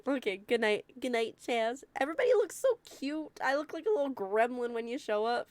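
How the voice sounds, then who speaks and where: Woman streamer, bubbly and excitable, lively pitch swings over soft game music. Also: fairly quick, few pauses. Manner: excitable, gasping and laughing often. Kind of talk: casual live-stream chat while gaming.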